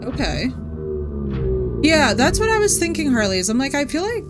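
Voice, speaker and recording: A woman's voice: high-pitched, big pitch swings, moderate pace, loud music behind the voice. A woman from New Jersey chatting with her viewers by name during a live gaming stream. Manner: chatty, talks to chat by name.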